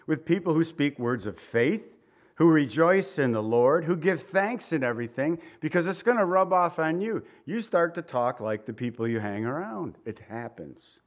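A man's voice: a little high, animated, moderate pace. Earnest male pastor preaching. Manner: earnest, emphatic, repeats key phrases, drops to quiet asides. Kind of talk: conversational sermon with scripture reading.

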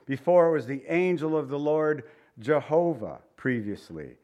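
A middle-aged male pastor with a somewhat high voice delivers a sermon. He talks to the congregation conversationally and keeps turning to them with rhetorical questions. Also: lively intonation, moderate pace, lo-fi sound.

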